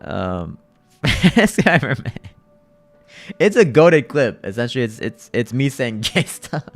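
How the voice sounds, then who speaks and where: A man's voice: medium pitch, sing-song, measured pace, faint music behind. A man hosting a livestream, chatting casually with viewers in loose slang and often repeating his phrases. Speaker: livestream host.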